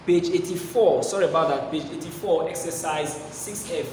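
Far off in an echoing hall, a male mathematics teacher with a slightly high, somewhat mellow voice teaches at normal speed. He asks rhetorical questions and repeats the key phrases, over a faint hiss or hum.

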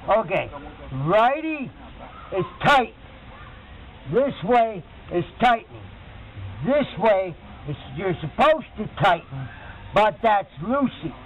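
A man, rambling and swearing as he explains how he fixes a bike pedal, in unscripted documentary footage. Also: high voice. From Massachusetts, USA. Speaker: documentary subject. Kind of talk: unscripted talk while fixing a bike pedal. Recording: harsh phone-like camera audio with loud background noise.

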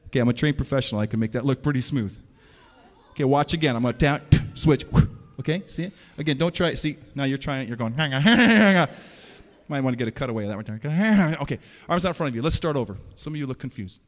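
A man performing an interactive stage show for children, playfully calling out quick commands and teasing his audience. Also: medium pitch, darkish tone. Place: large hall. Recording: long hall reverb.

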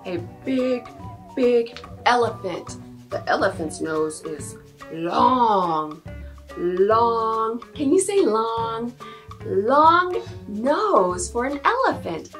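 Lively sing-song woman teaching toddlers. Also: on the high side. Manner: sing-song, exaggerated animal sounds and sneezes; mixes English and Spanish. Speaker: preschool teacher. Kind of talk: toddler circle-time lesson.

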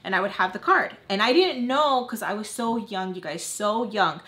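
A woman's voice: medium pitch, expressive, moderate pace, sharp tone. Candid swearing woman telling a story. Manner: candid, rambling, swearing, many fillers. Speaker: vlogger. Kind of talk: casual storytime vlog.

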